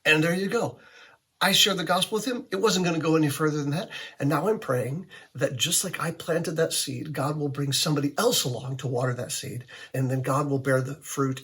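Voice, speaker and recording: A male pastor giving a conversational sermon-style teaching talk, telling stories with lively acted-out quotes. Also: mid-range voice, husky.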